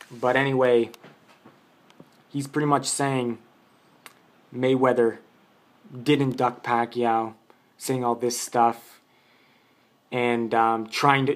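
A man giving an unscripted boxing opinion in a vlog, arguing his point, rambling and restarting his sentences. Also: mid-range voice. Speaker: boxing commentator.

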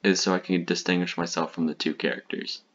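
A man's voice: low voice, little pitch movement, fairly quick, fairly bright tone, dull audio. A young man rambling and poking fun at his own old short films as a video host. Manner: rambling, self-mocking. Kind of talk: reaction commentary.

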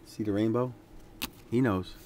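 A man casually talking through a stack of sports trading cards, relaxed and rambling with lots of fillers. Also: on the low side, measured pace, noisy background. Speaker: card collector vlogger. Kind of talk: casual unboxing commentary.

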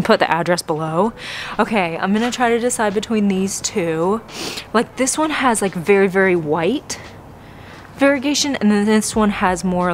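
Woman vlogger, gushing and excitable, slow delivery, handheld in a store with faint background hum. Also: mid-range voice. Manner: gushing, gasping, whispering in awe. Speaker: plant vlogger. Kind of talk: excited shopping vlog. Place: big box store garden section.

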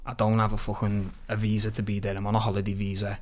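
A young man with a Liverpool accent telling stories in a casual podcast chat, animated, laughing often and swearing freely. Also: fairly low pitch, fast talker. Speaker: podcast guest.

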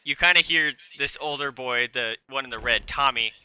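A man's voice: mid-range voice, moderate pace, pushed and bright, clean tone, poor audio. A young man narrating as game master, describing scenes and quoting characters in a casual way. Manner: casual, laughing, describes and quotes characters plainly.

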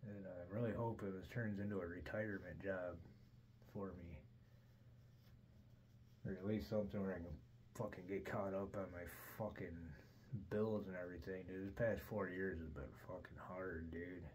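A man's voice: sits low, steady tone, normal speed, darkish tone, a little hiss or hum, low-quality recording. A middle-aged man hosting a podcast, rambling through a casual story with constant swearing and "dude". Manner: profane, says "dude" constantly. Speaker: podcast host.

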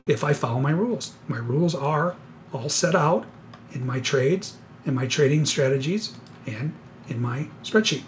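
A man giving live trading commentary on a webinar, excitable and sarcastic, rambling with self-corrections, a little out of breath. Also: a little high, normal speed, a little hiss or hum. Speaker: futures trader presenting a live webinar.

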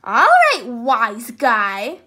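A woman's voice: a little high, wildly swooping pitch, extremely slow, sharp tone, husky, heavily acted. A woman voicing a stubborn, squealing alligator in a children's story.

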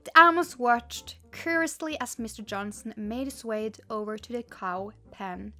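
A young woman with a slightly high voice, chatting in a giggly, excitable way and reading stories aloud for her channel. Faint music plays softly underneath her. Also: normal speed, few pauses. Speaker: YouTuber. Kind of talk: casual vlog chat and story reading.

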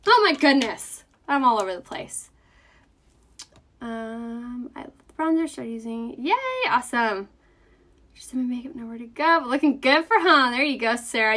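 Chatty woman host, slightly high voice, live makeup demo while reading viewer comments. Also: a bit bright. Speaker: makeup seller.

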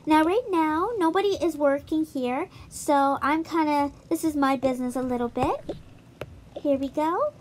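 A woman's voice: high-pitched, measured pace, darkish tone, slight background noise. A woman giving a casual, chatty walkthrough of a mobile game, talking straight to her viewers. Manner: chatty, addresses viewers directly. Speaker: gaming YouTuber.

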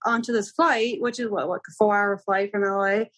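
A woman's voice: mid-range voice, a little fast. Young woman telling a travel story. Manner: animated, acts out quoted dialogue, many "like"s. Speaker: guest. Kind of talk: casual storytelling.

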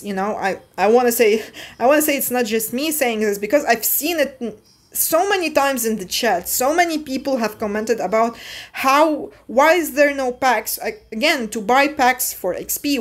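A young adult woman in a casual gaming vlog, rambling and often restarting as she trips over her own words. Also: a little high. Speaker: mobile game YouTuber.

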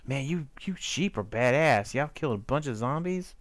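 A man's voice: mid-range voice, animated, moderate pace. A man giving casual commentary while he plays a block-building game, chatting to his animals and the monsters. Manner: chatty, talks to his in-game sheep and mobs, hums. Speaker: gameplay commentator.

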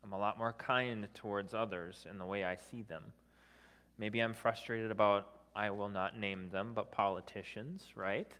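A man's voice: fairly low pitch, fairly even intonation, normal speed, fairly bright tone, clean tone, in a large hall. A man preaching a sermon as a guest speaker, talking conversationally, often adding "right?", with self-deprecating humor. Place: church sanctuary.

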